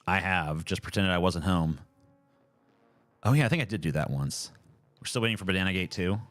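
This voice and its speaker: A man's voice: low-pitched, brisk, no room sound. A man streaming live from home, chatting casually and ranting with lots of swearing. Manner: animated, profane, ranting.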